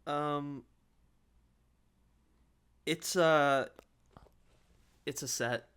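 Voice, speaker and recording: Young guy cohosting a podcast, bright voice, laughs a lot while telling stories. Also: a little high, drawn-out words, smooth. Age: young adult. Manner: laughs often, animated storytelling with acted-out quotes. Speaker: podcast co-host. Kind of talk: casual chat.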